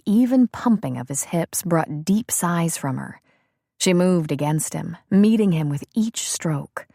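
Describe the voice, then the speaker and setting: Woman audiobook narrator, husky, slightly low, soft measured reading, dry close mic. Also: no echo. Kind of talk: romance novel narration.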